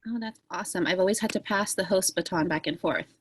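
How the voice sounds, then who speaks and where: A woman co-presenting a tutorial on a video call, relaxed and conversational. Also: lowish voice, fast, slightly rough. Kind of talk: casual online tutorial chat.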